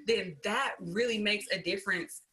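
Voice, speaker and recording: A woman's voice: mid-range voice, moderate pace, background noise. A woman guest in casual chat, talking earnestly and often checking in with "right?". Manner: earnest, keeps asking "right?".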